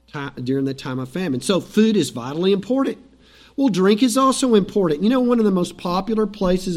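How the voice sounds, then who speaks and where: A man's voice: high voice, darkish tone. A middle-aged male pastor preaching a sermon in a conversational, storytelling way, acting out the lines of biblical figures.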